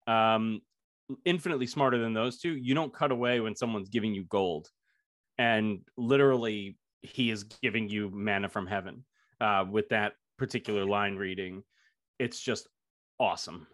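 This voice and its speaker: A man's voice: lowish voice, moderate pace, a bit bright, dry recording, clean studio sound. An American man with a general American accent co-hosting a podcast, speaking emphatically and casually about movies. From United States. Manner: enthusiastic, emphatic, swears casually. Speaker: podcast co-host. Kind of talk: casual chat.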